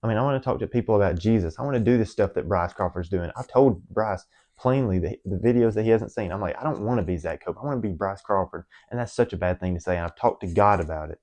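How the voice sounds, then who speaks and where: A young man with a drawl speaks in a lowish voice. He rambles earnestly through a personal confession to the camera, stumbling over restarts and fillers. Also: fast, darkish tone. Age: young adult. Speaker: vlogger.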